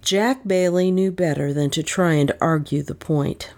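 Low-voiced woman narrating a mystery. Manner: even, measured storytelling. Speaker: audiobook narrator. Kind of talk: scripted narration.

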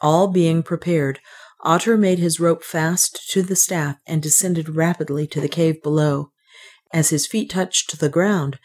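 In a low voice, a woman reads an adventure novel as an audiobook, narrating from a script. Her telling is measured and steady, staying even from one line to the next.

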